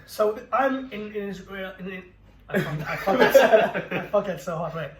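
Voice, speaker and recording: A man's voice: high voice, animated. A young man co-hosting a podcast, telling a story in casual chat, swearing freely and laughing through it. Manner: brisk, profane, laughs through his own story. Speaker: podcast co-host. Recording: roomy echo with faint noise.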